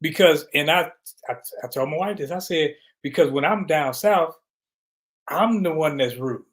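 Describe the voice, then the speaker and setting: A man from Detroit, reflective, quickly telling a personal story in a casual discussion. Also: on the high side.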